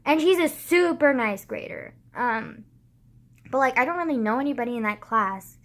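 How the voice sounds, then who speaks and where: A woman's voice: a little high, animated, normal speed. A teenage girl vlogging in casual chat, filling her talk with "like", sighing often and swearing bluntly. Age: teens. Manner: heavy use of "like" as filler, frequent sighs, blunt swearing.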